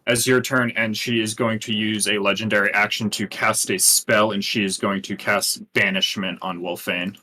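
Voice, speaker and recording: A man's voice: on the low side, level tone, moderate pace, few pauses, pushed and bright. A man working as game master, calling out turns and patiently explaining spell rules, laughing often. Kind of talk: running a tabletop game.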